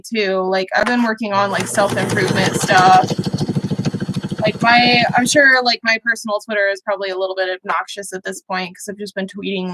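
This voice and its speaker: A woman's voice: medium pitch, very noisy. A young woman hosting a livestream, chatting casually and rambling with many fillers as she sews. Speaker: livestream host. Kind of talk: casual chat while sewing.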